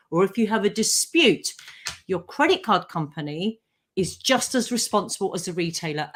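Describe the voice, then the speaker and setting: A woman, a legal expert on a live radio talk show, explaining consumer rights in a clear, measured way. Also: lowish voice.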